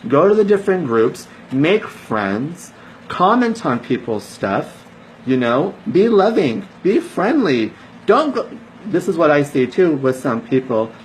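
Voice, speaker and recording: A man's voice: on the high side, sing-song, a little slow, slight background noise, poor audio. A man, a network marketer, giving a casual motivational talk to his team, emphatic and preachy, repeating phrases for stress.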